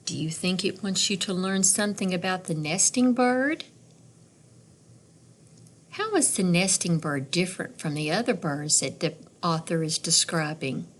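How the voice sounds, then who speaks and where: A woman teacher reading a picture book aloud to young children, slow and expressive, pausing to imitate bird calls and ask questions. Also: on the low side.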